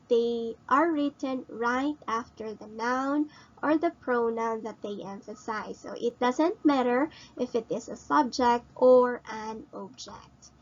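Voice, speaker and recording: Slow, patient Filipino woman teacher. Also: fairly high pitch, muffled recording. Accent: Filipino English. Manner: slow, explaining step by step with rhetorical questions. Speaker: English teacher. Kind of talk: recorded online grammar lesson.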